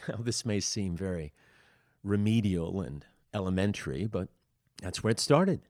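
A man's voice: sits low, lively intonation, unhurried, a little mellow, dry recording, studio quality. A man, an acting teacher, giving a conversational lecture on the history of acting and often saying "you see". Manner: acts out short quoted lines.

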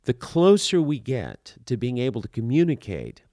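A man's voice: medium pitch, big pitch swings, moderate pace, warm tone, dry recording, clean studio sound. A man talking through acting technique in an earnest, rambling way, full of fillers and restarts. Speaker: acting coach. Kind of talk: conversational teaching talk.

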